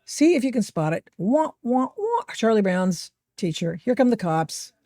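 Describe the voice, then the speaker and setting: Animated sarcastic woman podcast host. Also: mid-range voice, normal speed, dry recording, clean studio sound. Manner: sarcastic, animated, mocking voices she quotes. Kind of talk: opinionated commentary over video clips.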